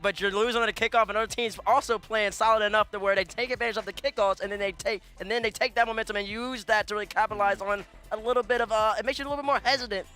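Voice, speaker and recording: A man's voice: sits high, fairly even intonation, rapid-fire, hardly any pauses, bright, forceful tone, faint music behind. A man analyzing esports live as a former player, explaining in eager run-on sentences.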